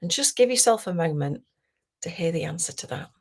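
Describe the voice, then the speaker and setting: A woman coach leading a guided tapping session, talking slowly and soothingly and often dropping to a whisper. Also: on the low side, animated. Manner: slow, soothing, softly guiding with whispered phrases.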